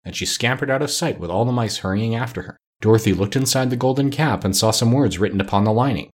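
A man narrating a children's storybook aloud in a measured, unhurried way. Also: mid-range voice, slightly rough.

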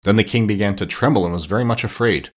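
A man narrating a children's storybook aloud in an animated, storytelling way. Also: fairly low pitch, fast. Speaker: audiobook narrator.

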